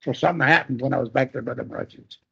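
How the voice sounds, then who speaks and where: An older man being interviewed, telling a long war memory in a halting, rambling way with many restarts. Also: mid-range voice, vocal fry, fairly bright tone, breathy edge. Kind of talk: oral history storytelling. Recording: dull lo-fi recording.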